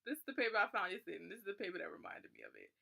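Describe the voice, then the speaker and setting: A woman's voice: mid-range voice, huge pitch swings, rapid-fire, vocal fry, sharp tone, breathy edge. A young woman vlogger tells a personal story casually. She sounds nervous and keeps saying "like.".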